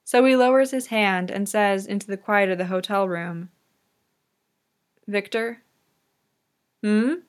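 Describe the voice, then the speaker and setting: A woman reader narrating a fan audiobook in a calm, measured storytelling manner. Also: mid-range voice.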